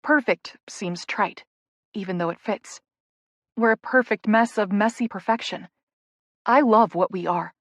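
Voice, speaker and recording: A woman's voice: medium pitch, a little slow, fairly bright tone, no echo, clean studio sound. A woman narrating a first-person audiobook in an intimate, emotional inner-monologue manner.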